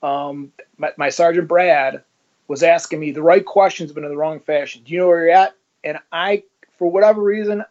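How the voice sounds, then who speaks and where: A man's voice: a little high, highs cut off. A man, a former police officer, being interviewed and telling his story in a conversational way, acting out the dialogue. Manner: animated, acts out dialogue in his stories.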